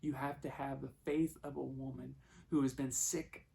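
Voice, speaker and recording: Gravelly-voiced man preaching a sermon. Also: medium pitch, flat delivery, normal speed. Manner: storytelling, acts out quoted voices, swings from hushed to loud.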